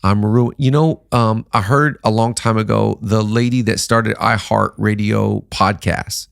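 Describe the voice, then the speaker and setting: A middle-aged man hosting a podcast in casual, animated chat, joking around. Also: lowish voice, unhurried, vocal fry, smooth, no echo, clean studio sound. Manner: animated, joking, does playful voices. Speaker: podcast host.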